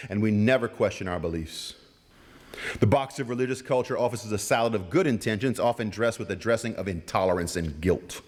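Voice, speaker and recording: A man with a Cajun accent, an author reading his work in a measured, rhythmic way and then chatting with a festival audience. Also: on the low side. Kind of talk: poetic reading and casual stage talk. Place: festival stage. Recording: long hall reverb.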